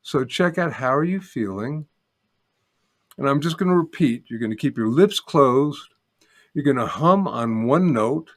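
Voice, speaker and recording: An older man teaching as a guest in an interview, calmly explaining and demonstrating a humming practice step by step. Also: medium pitch, measured pace. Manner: calm, patient, repeats steps and demonstrates by humming. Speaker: sound healing teacher, guest. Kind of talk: guided instruction in an interview.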